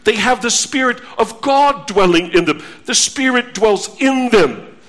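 A man preaching a sermon to a congregation, slow and emphatic, stressing his points through repetition. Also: very high-pitched, lively intonation, a bit bright. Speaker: pastor.

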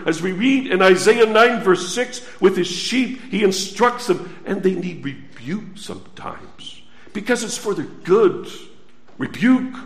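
A man pastor preaching a sermon to his congregation, asking rhetorical questions and swinging from soft to loud. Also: high-pitched, roomy sound.

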